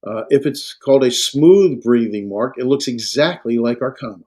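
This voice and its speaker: A man lecturing on Greek to a class, halting and full of fillers and self-corrections. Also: mid-range voice, lively intonation, a little mellow. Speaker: Greek instructor.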